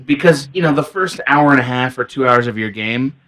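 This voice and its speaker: Man, podcast co-host, curious questions, loose rambling talk, mid-pitched. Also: fairly quick, a bit bright. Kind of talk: casual podcast interview.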